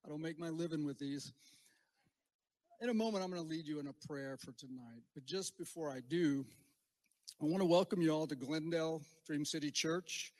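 A man's voice: a little high, moderate pace, a little mellow. A man welcoming a crowd in a church before leading a prayer, speaking into a handheld microphone in a confident, plainspoken way. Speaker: pastor welcoming a rally crowd.

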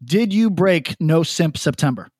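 A man co-hosting a podcast, animated and profane, laughing often in casual chat. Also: a little high, unhurried, slightly rough, no room sound, clean studio sound. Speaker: podcast co-host.

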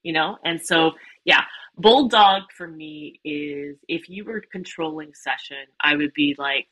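Brief: low, bright-voiced woman therapist, lively, checks in with "right?". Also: unhurried, rough recording. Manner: animated, frequent "right?" tag questions. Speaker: psychotherapist guest. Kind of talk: casual conversational interview.

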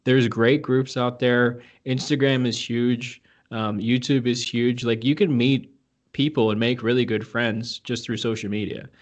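Male podcast guest, relaxed, easygoing, casual chat. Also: mid-range voice, measured pace. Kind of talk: casual conversation.

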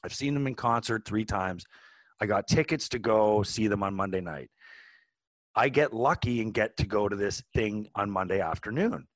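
A man in his forties, a podcast co-host, telling a long casual story with lots of restarts and animated asides. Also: lowish voice, moderate pace, no room sound. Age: 40s. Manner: animated, rambling with many restarts.

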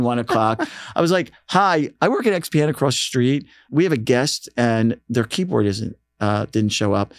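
A man's voice: medium pitch, dry recording. A man telling stories about his radio station work in a casual interview, acting out quotes with a raised voice. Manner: animated storyteller, acts out quotes in raised voice. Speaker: radio station staffer and guest.

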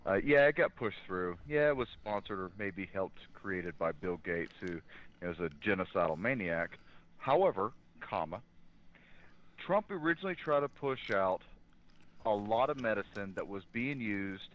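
A man with a fairly low voice speaks as a guest on a talk show. He talks in an earnest, opinionated way and pauses often with fillers. His voice comes through a dull, lo-fi line. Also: lively intonation. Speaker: guest in law enforcement. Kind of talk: casual political talk.

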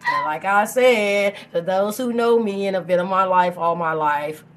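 A woman hosting a casual chat, telling stories loudly and profanely and laughing often. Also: medium pitch, moderate pace, very noisy. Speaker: host.

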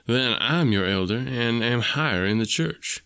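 A man's voice: mid-range voice, lively intonation, moderate pace, a bit bright, clear, resonant tone, no room sound, studio quality. A man voicing a pompous, self-righteous young male suitor who talks in a smug, boastful way.

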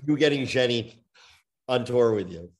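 A man's voice: medium pitch, expressive, moderate pace, darkish tone. Joking man co-hosting a podcast. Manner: joking, hesitant with fillers. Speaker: podcast co-host. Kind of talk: casual podcast chat.

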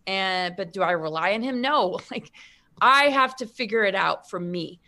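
A woman's voice: medium pitch, expressive, normal speed, pushed and bright. A woman guest in casual spiritual conversation, rambling with many restarts and filler words.

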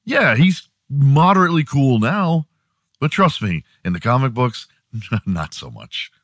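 A man's voice: mid-range voice, big pitch swings, measured pace, a bit bright, dry recording, clean studio sound. A man hosting a morning show, delivering a profane, sarcastic comedic rant.

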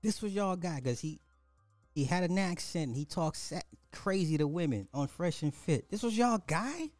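A man's voice: on the high side, moderate pace, a little mellow, dry recording, faint music behind. A man giving reaction commentary, rambling and trailing off mid-sentence.

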